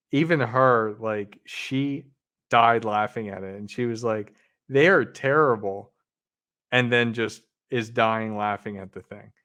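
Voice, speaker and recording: A man's voice: medium pitch, fairly bright tone. A man co-hosting a reaction show, talking in a laid-back, rambling way. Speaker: podcast co-host reacting to a video. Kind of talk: casual profane reaction chat.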